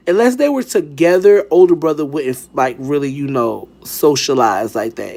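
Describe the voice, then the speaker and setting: Young man, slightly high voice, sassy, dramatic, casual storytime. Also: vocal fry. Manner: sassy, dramatic, animated retelling with swearing.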